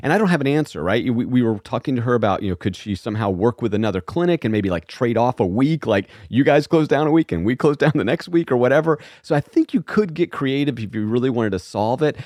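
A man's voice: medium pitch, fast, few pauses, no echo, studio quality. A man co-hosting a podcast in casual chat, telling stories and acting out quotes with animation. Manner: animated, storytelling with acted-out quotes. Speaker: podcast co-host.

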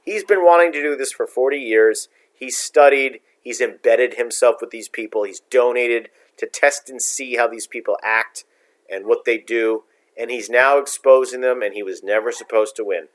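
A man's voice: medium pitch, normal speed. A middle-aged man co-hosting a casual political chat, opinionated and blunt, ranting in long runs. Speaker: podcast co-host.

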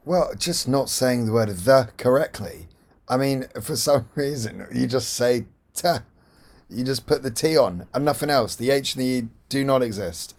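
A man's voice: mid-range voice, normal speed. Easygoing joking man from London. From London, England. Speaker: guest. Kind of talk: casual chat.

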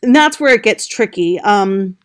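Woman journalist explaining calmly. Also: mid-range voice, a little slow, smooth. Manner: gentle, explanatory, many restarts. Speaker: journalist guest. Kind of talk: podcast interview.

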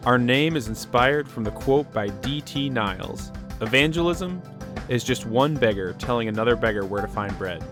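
A man's voice: mid-range voice, lively intonation, moderate pace, music in the background. A young man hosting a casual Christian podcast, upbeat and joking, often laughing. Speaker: podcast host.

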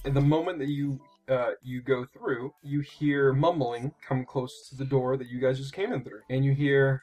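A man's voice: mid-range voice, fairly even intonation, normal speed, few pauses, darkish tone, soft background music. A man narrating as game master of a tabletop game, chatty and laughing often.

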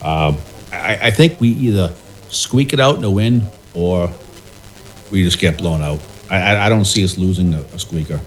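A man's voice: sits low, normal speed, poor audio. A man hosting a casual sports chat in a tavern, talking in a joking, rambling way. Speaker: podcast host.

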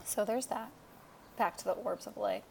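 A young woman co-hosting a podcast, chatting casually in a playful, animated way and pushing wild theories. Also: mid-range voice, normal speed, gravelly, slight background noise. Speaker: podcast co-host. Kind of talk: casual chat.

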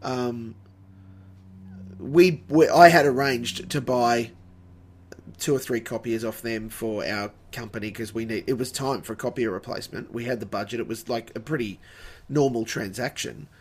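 A man's voice: mid-range voice, fairly even intonation, moderate pace. An easygoing man telling an anecdote in casual podcast chat. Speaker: podcast co-host.

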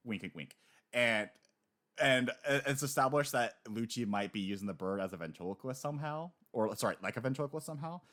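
A man co-hosting a casual chat, animated and quick to laugh, slipping into voices when he retells scenes. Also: medium pitch. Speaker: podcast co-host discussing a manga.

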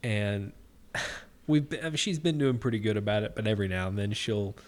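A man's voice: on the low side, a little fast. Rambling, profane man telling stories. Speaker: podcast co-host. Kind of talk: casual crude banter.

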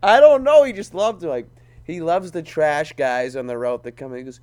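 A man's voice: a little high, fairly quick, a little mellow. A man in casual chat, swearing freely, laughing often and breaking into impressions.

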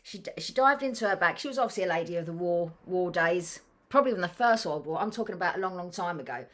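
A woman's voice: on the low side, animated, fast talker, fairly bright tone. A woman podcast co-host telling a childhood memory in a fond, rambling way, often restarting her sentences.

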